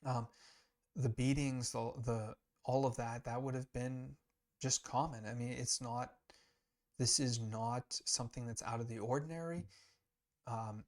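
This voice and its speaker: A man teaching Scripture in a casual, explanatory way, earnest and emphatic, often restarting mid-sentence as he thinks aloud. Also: mid-range voice. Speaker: Bible teacher.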